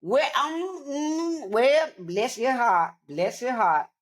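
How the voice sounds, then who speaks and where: A man's voice: very high voice, lively intonation, takes it slowly, pitched above the performer's own voice, heavily acted. A man voicing a prim, scolding elderly grandmother with a Southern Missouri accent and a hesitant, folksy drawl. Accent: Southern American, Missouri.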